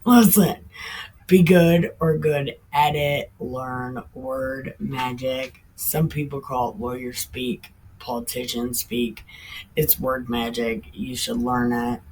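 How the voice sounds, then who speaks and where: A woman with a very deep voice reads the Bible aloud and comments on it in an irreverent, chatty way, laughing often and swearing now and then. Her intonation is fairly even, she signs off with drawn-out, emphatic sayings, and the background is noisy.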